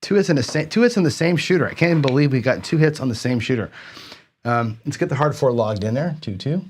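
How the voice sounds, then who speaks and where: A man's voice: mid-range voice, lively intonation, fast. Chatty man commentating a dice session. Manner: chatty, self-correcting, repeats words for emphasis. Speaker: craps channel host. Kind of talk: casual livestream commentary on a dice game.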